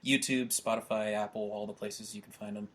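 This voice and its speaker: A young man hosts a laid-back podcast with a husky, slightly breathy voice. He reads out his own jokes and keeps chuckling through them. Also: on the low side, big pitch swings, fairly quick, fairly bright tone. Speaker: podcast host. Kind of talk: casual podcast chat.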